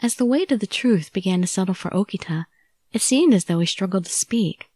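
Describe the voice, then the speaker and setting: A woman narrating a visual novel in the first person with a steady storytelling read. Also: medium pitch, a little fast. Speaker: audiobook narrator.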